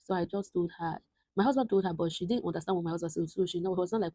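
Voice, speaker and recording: Husky, low-voiced woman in her twenties. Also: mellow, no room sound, low-quality recording. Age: 20s. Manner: earnest, reflective, halting with restarts. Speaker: vlogger. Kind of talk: personal storytelling to camera.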